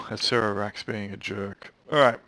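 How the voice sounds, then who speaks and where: A man's voice: on the low side, poor audio. A man running an online tabletop game as game master, giving dry, matter-of-fact rulings over a voice call.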